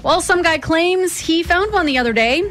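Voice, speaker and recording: A woman's voice: very high voice, moderate pace, a bit bright, faint music behind. Chatty female radio co-host. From Canada. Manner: chatty, reads news items conversationally. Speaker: radio morning show co-host. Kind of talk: casual radio banter. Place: radio studio.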